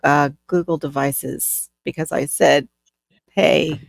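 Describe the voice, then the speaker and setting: A woman's voice: sits low, fairly even intonation, takes it slowly, vocal fry, no room sound. A woman from Florida hosting a casual chat stream, chatty and laughing often. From Florida, USA. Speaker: channel host.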